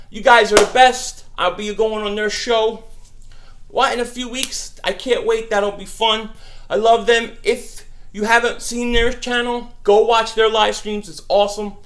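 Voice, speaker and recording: Brash, high-voiced male stream host. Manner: animated, brash, mocks trolls. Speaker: live stream host answering viewer questions. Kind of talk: casual live stream Q&A.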